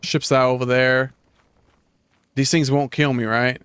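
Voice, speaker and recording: Excitable young man gaming with friends. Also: medium pitch, measured pace, clear, resonant tone, no echo. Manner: excitable, laughs often. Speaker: gaming channel host. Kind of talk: casual gameplay chat.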